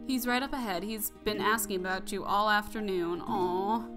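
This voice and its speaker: A young woman narrates her playthrough of a story game, reacting out loud in an expressive, gushing way. Music plays steadily underneath. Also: medium pitch, normal speed. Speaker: let's play host. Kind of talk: emotional gameplay commentary.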